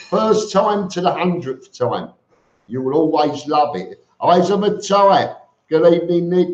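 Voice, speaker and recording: A man reads out viewers' names and greets each one in a slow, relaxed, chatty way. His voice sits a little high for a man. It echoes around a room at home, and the sound is dull and lo-fi. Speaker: live stream host. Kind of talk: casual live stream chat reading comments.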